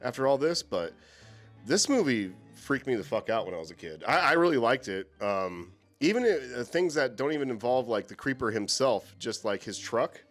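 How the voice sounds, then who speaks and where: A man co-hosting a relaxed movie-talk show, speaking with animated energy and casual swearing. His voice sits at an ordinary pitch, with faint music playing behind him. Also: moderate pace. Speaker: co-host.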